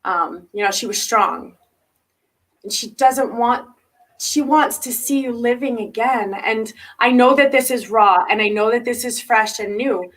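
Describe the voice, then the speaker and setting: A woman with a high voice gives a live spiritual reading as a medium. She talks emphatically and returns to the same words again and again to reassure her listener. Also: a little slow, a bit bright, rough recording. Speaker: psychic medium.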